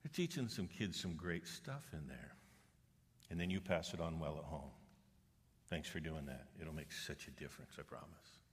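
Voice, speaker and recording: A middle-aged man with a bass voice preaches animatedly at a moderate pace from a church auditorium. Acting as pastor, he earnestly relates stories and voices the people in them. Long reverb from the large hall surrounds him.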